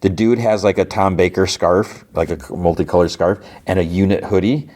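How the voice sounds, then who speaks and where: In a steady, slightly mellow low voice at normal speed, a male podcast host goes back over an episode. His recap is casual and rambling, heavy on fillers and restarts.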